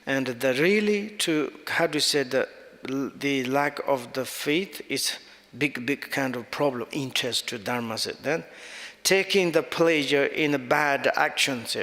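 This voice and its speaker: A man with a Tibetan accent teaching Buddhist dharma in halting, non-native English with frequent restarts and searching for words. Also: medium pitch, sharp tone, in a large hall.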